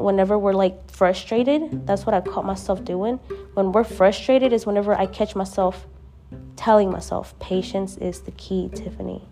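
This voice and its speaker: A young woman speaks in a relaxed, conversational way, dropping slang as she reflects on faith. Her voice has a warm, mellow tone without brightness. Soft plucked-string music plays faintly underneath. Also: medium pitch. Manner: slangy, conversational, with frequent "dude" and "bruh". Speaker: vlogger sharing faith reflections. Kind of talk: casual spoken reflection.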